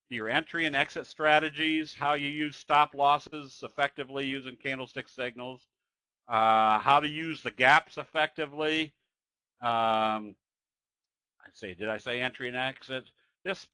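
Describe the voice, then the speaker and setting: A man with a bright, forceful voice gives a webinar chart walkthrough. He talks in a folksy, conversational way and often pauses on fillers. The sound is dry and close. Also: mid-range voice, clear, resonant tone, no echo, low-quality recording. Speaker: trading educator.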